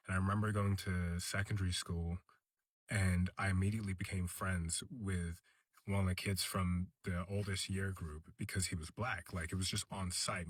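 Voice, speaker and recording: Deep, flat-voiced English man. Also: breathy edge, dry recording. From England. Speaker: vlogger. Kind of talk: reflective personal storytelling.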